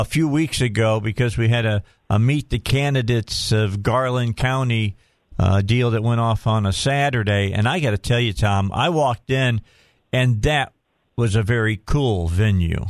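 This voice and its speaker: A man's voice: mid-range voice, no echo. A man hosting a radio talk show, joking and chatty in a casual tone. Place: radio studio. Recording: dry studio mic, faint music bed.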